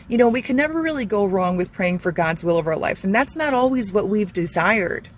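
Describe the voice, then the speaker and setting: A woman's voice: medium pitch, animated, brisk, hardly any pauses, slight background noise. A woman hosting a Christian channel, giving an earnest, rambling devotional talk full of fillers and restarts. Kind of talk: informal devotional talk to camera.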